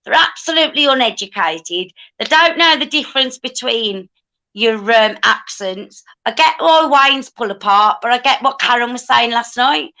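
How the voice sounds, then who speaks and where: A woman's voice: a little high, animated, moderate pace, sharp tone, poor audio. A woman hosting a casual livestream chat, talking emphatically.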